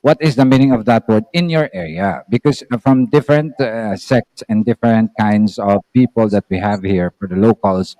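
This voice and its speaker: A Filipino man with a Filipino accent, chatting casually as a host on a video call and explaining things slowly with examples. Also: lowish voice, mellow, no room sound, poor audio. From Philippines. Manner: explains slowly, with repeated examples and filler sounds. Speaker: channel host.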